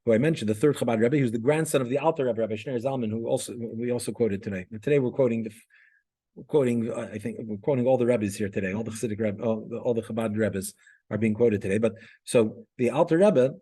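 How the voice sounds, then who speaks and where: A man's voice: medium pitch, fast, mellow, slightly rough. A man teaching a class, lecturing conversationally, telling stories and often checking in with the students. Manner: conversational, many restarts and "right?" checks. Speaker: class instructor.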